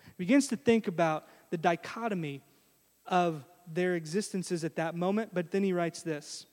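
A man preaching a sermon in a church, telling a story in an animated way and speaking straight to the congregation. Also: high voice, normal speed. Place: church sanctuary. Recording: long reverb of a church hall.

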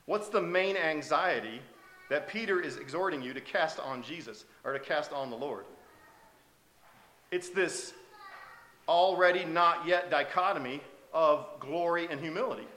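A man's voice: on the high side, unhurried, bright, forceful tone, reverberant, slight background noise. A male preacher giving a sermon in a conversational way, often asking the congregation questions. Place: church sanctuary.

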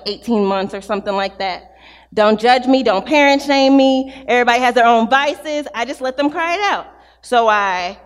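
A woman in her thirties, a pastor, preaching an animated sermon full of acted-out stories. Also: fairly high pitch, long reverb tail. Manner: animated, storytelling with acted-out quotes.

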